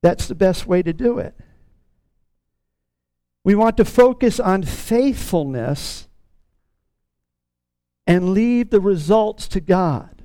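Male pastor, sermon, earnest teaching, repeats key lines, fairly high voice, dry close sound. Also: animated, slow, pauses often, dark tone, no echo.

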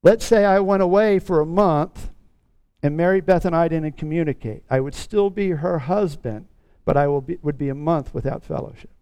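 A middle-aged man preaching a sermon in an earnest tone, stretching out key words slowly for emphasis. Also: on the high side, warm tone, smooth, dry recording. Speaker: pastor.

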